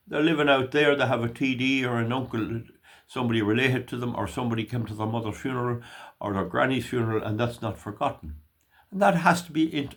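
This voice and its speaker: An older Irish man giving emphatic, opinionated political commentary in a vlog. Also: medium pitch. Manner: emphatic, opinionated ranting delivery.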